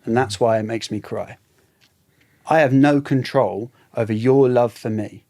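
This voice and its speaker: Reflective man, halting speech. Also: medium pitch, a little mellow. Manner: reflective, halting, often trailing off. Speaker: podcast guest. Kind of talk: casual conversation.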